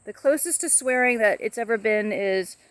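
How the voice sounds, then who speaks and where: A woman casually talking to camera about her pet parrot, rambling softly with many fillers and restarts. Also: on the high side, normal speed, no echo.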